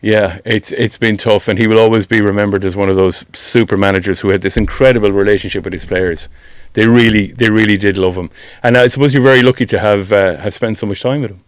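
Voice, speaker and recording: A male radio host with a fairly low voice tells long anecdotes to his guest. He sounds close and dry on a studio microphone. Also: steady tone, fast, hardly any pauses, smooth, dry recording. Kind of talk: radio interview.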